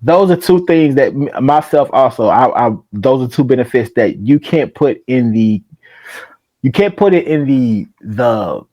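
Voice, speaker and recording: A middle-aged man hosting a casual interview, telling stories in a lively, slangy way and laughing often. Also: medium pitch, measured pace, poor audio. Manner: animated storyteller, slangy and laughing. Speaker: podcast host.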